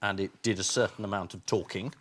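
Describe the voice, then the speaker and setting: A man on a comedy panel show, answering in a dry, deadpan way. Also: deep voice, fast, slight background noise. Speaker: panel show team captain. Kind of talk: dry comic banter.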